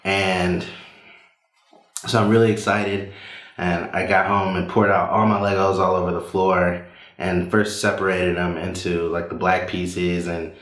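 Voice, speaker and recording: A man from the Southern United States telling a personal story live on stage in a relaxed, conversational way with fillers. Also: low voice, unhurried. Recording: roomy live hall.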